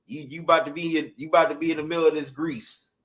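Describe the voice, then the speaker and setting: A man's voice: fairly high pitch, flat delivery, fast talker, a bit bright, no room sound. A man in a casual chat, joking and laughing often, putting on comic voices for quotes. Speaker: co-host.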